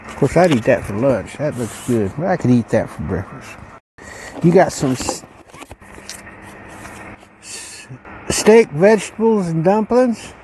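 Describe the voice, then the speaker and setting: Slow, lively-pitched man unboxing rations. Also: a little hiss or hum, poor audio. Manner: slow, rambling, musing aloud. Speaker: channel host reviewing ration packs. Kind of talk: casual unboxing commentary.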